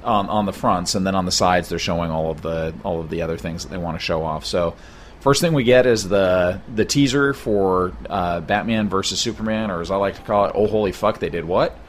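A man's voice: deep voice, brisk, a little hiss or hum. A man co-hosting a casual chat in a hostel room, telling a long rambling story with many fillers. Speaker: podcast co-host.

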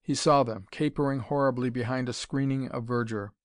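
A man reading an adventure novel aloud in a steady, even storytelling manner. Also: mid-range voice, a little fast, dry recording, clean studio sound. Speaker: audiobook narrator. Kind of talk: scripted audiobook narration.

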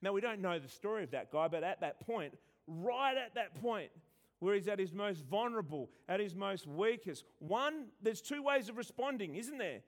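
A man preaching a sermon who stresses words and swings between loud and hushed, often repeating himself. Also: sits high, animated, moderate pace.

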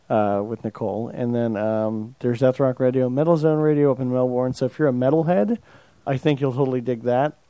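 An American man hosts a small radio show, chatting loosely and cursing freely as he jokes around. His voice sits in a middle register with a dark, mellow tone. The sound is dry and close. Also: medium pitch, smooth, dry recording. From United States. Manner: loose, profane, joking. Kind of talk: casual radio chat.

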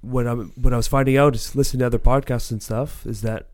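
A man's voice: medium pitch, steady tone, quick pace, a little mellow. A man co-hosting a podcast in casual chat, eagerly explaining things he read and often ending with "man". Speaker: podcast co-host.

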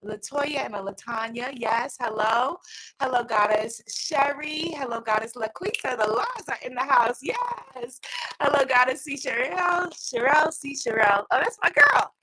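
A woman's voice: sits high, expressive, moderate pace, very noisy. A middle-aged woman with a New York accent hosting a live inspirational talk, exuberant and sing-song, greeting viewers and laughing often. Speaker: host.

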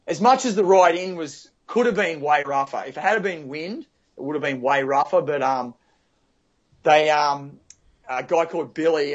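Male guest, slightly raised pitch, casual storyteller with lots of "you know" and restarts, dull recording. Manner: vivid, restarts often, fills with "you know" and "like". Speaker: guest telling a surf story.

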